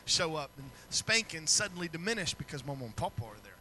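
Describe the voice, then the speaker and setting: A middle-aged male pastor preaching a sermon in a church, moving from quiet storytelling to shouted preaching. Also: a little high, sing-song, quick pace, a little hiss or hum, rough recording.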